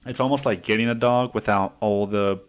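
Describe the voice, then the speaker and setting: A man's voice: lowish voice, fairly even intonation, fairly quick, smooth. A man hosting a podcast alone, telling a long story in a rambling, profane, casual way with lots of fillers. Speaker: podcast host. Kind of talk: casual solo podcast monologue.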